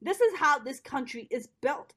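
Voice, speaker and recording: A woman from Pakistan, a guest in a casual interview, telling stories in an animated, joking way. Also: sits high, normal speed.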